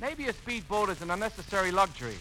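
A stubborn young fellow who is easily pushed around. His voice is high for a man and sounds plaintive and flustered. The recording is a hissy 1940s radio broadcast. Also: very animated, fast talker. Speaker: comic lead. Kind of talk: 1940s radio comedy acting.

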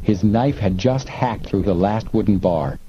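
A man reading an adventure story aloud in a measured, even way, in a dull recording with faint hiss. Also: on the low side. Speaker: audiobook narrator. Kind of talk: scripted narration.

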